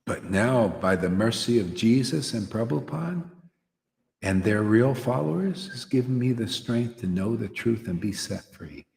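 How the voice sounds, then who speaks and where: A man's voice: fairly low pitch, animated, a little slow, gravelly, darkish tone. A man preaching informally to a devotional gathering, rambling and peppering his talk with "you know" and "man". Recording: echoey hall with long reverb.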